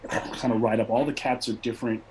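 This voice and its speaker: A man's voice: mid-range voice, fairly even intonation, brisk, darkish tone, a little hiss or hum, poor audio. A man narrating a tabletop game as game master, with a rambling, loose delivery. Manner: rambling, many fillers and restarts.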